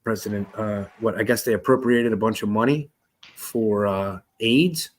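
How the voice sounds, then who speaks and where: A man's voice: fairly low pitch, moderate pace. A man hosting a podcast, telling rambling, profane stories in casual chat. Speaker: podcast host. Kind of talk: casual storytelling.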